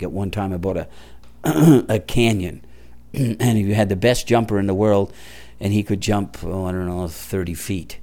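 A middle-aged male pastor with a lowish voice preaches a conversational sermon. He often drops to a hushed tone when he prays.

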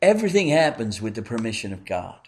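A male pastor preaching a sermon in an earnest way, swinging from emphatic lines to hushed, slow ones. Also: fairly low pitch, sing-song.

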